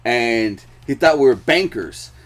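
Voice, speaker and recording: Profane, animated storytelling man. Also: medium pitch, a little slow. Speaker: co-host. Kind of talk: casual chat.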